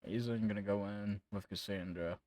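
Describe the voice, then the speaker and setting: A man's voice: on the low side, steady tone, moderate pace, darkish tone, rough recording. A man running a tabletop game as game master, narrating casually, laughing and swearing.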